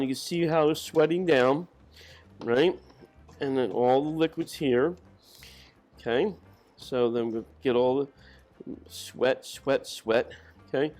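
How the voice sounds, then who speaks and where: A man's voice: on the high side, a little mellow. A man giving a casual cooking demonstration in a kitchen, rambling and correcting himself as he goes. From Irish family. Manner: rambling, self-correcting, folksy. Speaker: cook.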